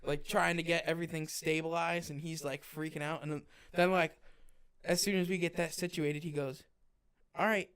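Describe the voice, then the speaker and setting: A young man with a slightly high voice recounts a story in easy podcast chat. He is animated and acts out each character's lines, swearing without a second thought. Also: brisk, clear, resonant tone. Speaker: podcast co-host, firefighter.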